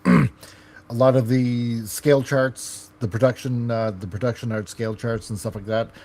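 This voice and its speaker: A man's voice: mid-range voice, a little mellow, a little hiss or hum. A man hosting a casual podcast, rambling with lots of fillers. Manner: rambling, filler-heavy, loose. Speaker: podcast host.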